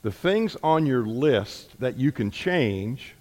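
A man's voice: mid-range voice, expressive, darkish tone. Man preaching a sermon in a reverberant hall. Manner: storytelling, emphatic with slow deliberate stresses.

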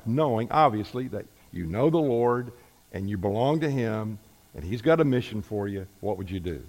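A man preaching a sermon, telling stories with emphatic, slow, deliberate stresses. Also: fairly low pitch, animated. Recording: reverberant hall.

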